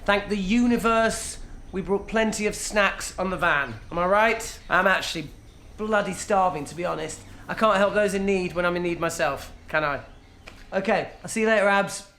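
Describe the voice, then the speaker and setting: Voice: medium pitch, normal speed, a bit bright, a little hiss or hum, natural voice. An actor voicing a self-absorbed, preachy hippie sibling who tags lines with questions, in a game. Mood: chatty. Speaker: sibling at a family party.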